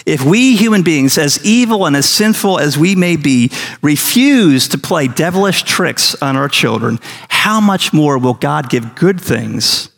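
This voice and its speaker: A man's voice: on the high side, animated, measured pace, vocal fry, hardly any pauses, a bit bright, long reverb tail. A middle-aged man, a pastor, preaching a sermon with earnest questions to his congregation and small acted-out scenes.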